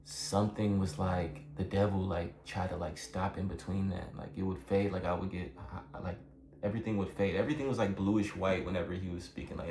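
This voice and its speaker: Deep-voiced young man, rambling earnestly. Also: a little mellow. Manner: rambling, filler-heavy, earnest, emotional. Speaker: vlogger telling a personal story. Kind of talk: casual storytelling. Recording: echoey room with faint background noise.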